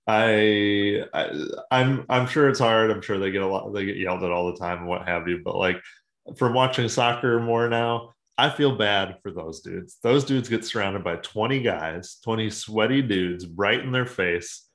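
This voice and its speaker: A man's voice: lowish voice, normal speed, fairly bright tone, echoey room. A man co-hosting a sports podcast, talking casually and profanely and acting out quoted voices in a joking way. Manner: profane, jokey, acts out quotes. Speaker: podcast co-host.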